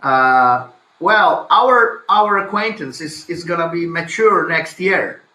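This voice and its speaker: A man in his forties talks as a guest in a casual interview, dropping dry jokes as he goes. His voice is bright and forceful and sits a little high. It comes through from an echoey room with faint noise behind him. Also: expressive, takes it slowly. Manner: wry, joking. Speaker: guest, instructor.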